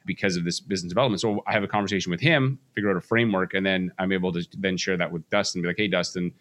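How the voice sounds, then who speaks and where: A middle-aged man with a low voice talks briskly through a podcast monologue for mortgage professionals. He tells casual stories and acts out the voices of people in them. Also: fairly even intonation, fairly bright tone. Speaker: mortgage business coach.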